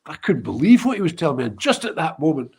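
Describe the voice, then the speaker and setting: A Scottish man telling a lively anecdote in casual conversation, with frequent restarts. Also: on the high side, fast talker, slightly rough. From Scotland. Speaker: guest musician. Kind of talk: anecdote told in casual chat.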